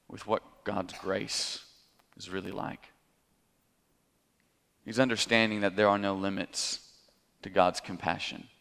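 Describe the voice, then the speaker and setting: A man's voice: on the low side, a bit bright, in a large hall. A man preaching an expository sermon, explaining the text in a conversational way with light chuckles.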